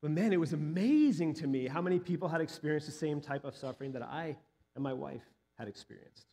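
Earnest man preaching, slightly high voice. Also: animated, a little fast, dark tone. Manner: earnest, personal storytelling with rising emphatic peaks. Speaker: pastor. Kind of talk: sermon.

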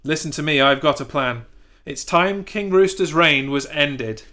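A man's voice: on the high side, a little slow, bright, forceful tone. A man voicing a reassuring farm horse with a plan in a children's storybook.

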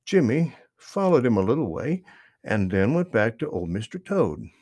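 A man narrating a children's story, gentle and expressive. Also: mid-range voice, normal speed, breathy edge, dry recording.

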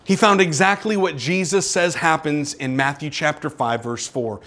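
A male pastor delivers a sermon in a fairly high voice. He presses his listeners with repeated rhetorical questions, surging to urgent heights and then dropping low and quiet. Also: moderate pace, hardly any pauses. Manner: preaching with rising intensity and repeated rhetorical questions.

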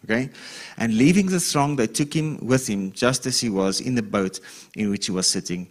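A man's voice: medium pitch, moderate pace. A man preaching a sermon in a conversational way, reading scripture aloud and often checking in with the listeners. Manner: reads scripture with rising emphasis. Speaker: pastor.

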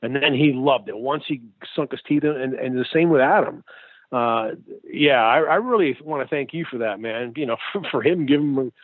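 A man's voice: mid-range voice, normal speed, no echo. A man, a musician guest, talking enthusiastically and gratefully in a casual interview, often saying "man". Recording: tinny phone line, dry.

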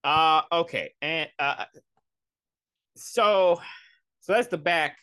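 A man's voice: a little high, slow, bright, forceful tone, clear, resonant tone, no echo. A young man hosting a podcast, ranting in a sarcastic, profane, rambling way into a close mic. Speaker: podcast host. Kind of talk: comedic solo rant.

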